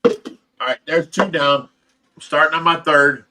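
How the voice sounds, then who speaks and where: A man's voice: fairly high pitch, steady tone, normal speed, background noise. A middle-aged man hosting a casual livestream, laughing often and reading viewer comments aloud. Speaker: livestream host reading chat. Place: fish room at home.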